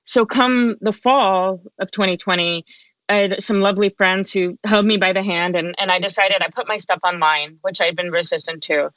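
A woman's voice: mid-range voice, steady tone, moderate pace, a bit bright, no echo, muffled recording. Candid woman telling a personal story. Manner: candid, chatty, acts out quoted dialogue. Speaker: podcast guest, author and coach.

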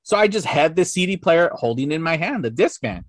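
Lively, foul-mouthed male storyteller. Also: on the high side, a little fast, dry recording, studio quality. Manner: animated storyteller, swears a lot, acts out quotes. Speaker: podcast guest. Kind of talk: casual storytelling chat.

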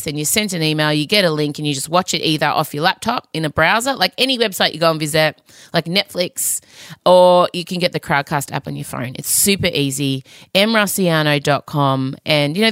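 A woman hosting a podcast in a chatty, jokey, self-mocking way, her voice deep and rough from early morning. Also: a bit bright, no room sound. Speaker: podcast host. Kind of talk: casual solo podcast chat.

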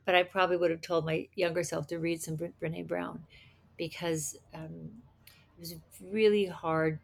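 Gravelly low-voiced woman guest. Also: flat delivery. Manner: halting, restarts her sentences. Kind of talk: casual interview chat.

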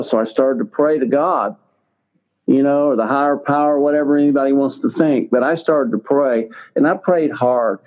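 A man's voice: mid-range voice, moderate pace, a little mellow. An older man, a guest in an interview, telling a personal story in a rambling way, repeating words and using many fillers. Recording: slightly dull lo-fi recording.

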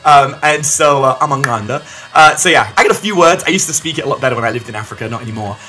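A man's voice: mid-range voice, rapid-fire, bright, forceful tone, soft background music, low-quality recording. A man telling a story to camera as a business coach, acting out the dialogue as he goes.

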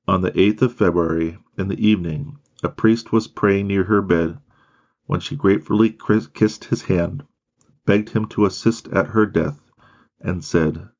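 A man reads a biography aloud in a steady, measured delivery. His voice sits very low with a gravelly fry, and the recording sounds dull and lo-fi. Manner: measured, steady reading with occasional slips. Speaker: audiobook reader.

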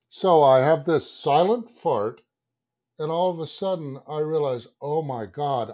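Animated man telling a profane anecdote. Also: fairly high pitch. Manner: animated, swearing, acts out his own inner voice. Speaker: guest, advertising creative director. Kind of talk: anecdotal storytelling in a podcast interview. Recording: dull lo-fi sound.

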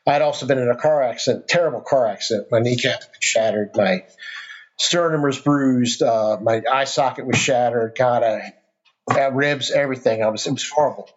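A man's voice: medium pitch, a little fast. A middle-aged man, a podcast guest, telling a personal story in casual conversation, earnest and rambling with restarts. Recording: dull lo-fi sound.

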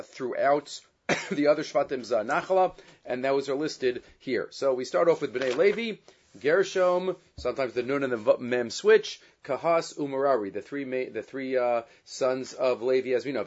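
A man teaching a Torah lesson, reading Hebrew and Aramaic texts and translating them, with many fillers and lively stretches when he retells a story. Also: mid-range voice. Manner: grows loud and animated when retelling the story. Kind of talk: Torah class lecture. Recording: dull lo-fi sound.

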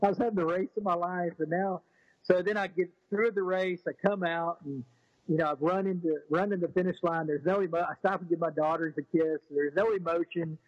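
A middle-aged man telling a personal story in an animated way, often repeating words and acting out what people said. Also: high voice, fairly quick, no echo, muffled recording.

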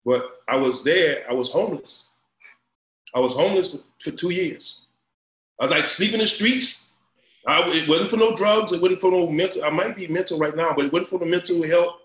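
A middle-aged man talks in a fairly high voice, repeating words as he builds up steam. His story grows louder and more animated as it goes. The room around him rings with a roomy echo. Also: normal speed. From Louisiana. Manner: animated, repeats himself, rising into loud storytelling. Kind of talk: casual conversation.

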